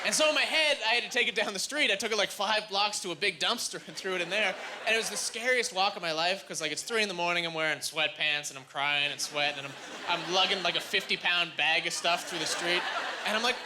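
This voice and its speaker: High-voiced man doing stand-up. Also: fast. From Canada. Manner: animated storytelling, jumps high for quoted voices. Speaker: stand-up comedian. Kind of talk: stand-up set. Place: comedy club stage. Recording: live club recording, audible room noise.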